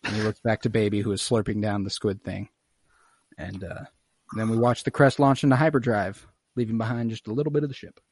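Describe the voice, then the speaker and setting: A man's voice: on the low side, a little fast, slightly rough, no room sound, studio quality. Laughing young guy recapping a show. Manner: animated storytelling, laughs often, swears. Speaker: podcast host recapping an episode. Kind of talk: casual chat.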